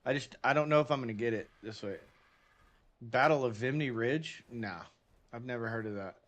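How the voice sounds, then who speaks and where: A man from Texas talks loosely as he plays, tossing jokes to his viewers and grumbling to himself between tasks. His voice sits at an ordinary middle pitch, relaxed and conversational. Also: normal speed. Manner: joking, muttering to himself while playing. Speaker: game streamer. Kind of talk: casual gameplay chat with chat.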